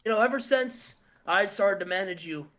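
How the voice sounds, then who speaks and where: A man's voice: high voice, moderate pace, a bit bright. A man doing a cocky wrestling manager. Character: cocky male wrestling manager praising his team.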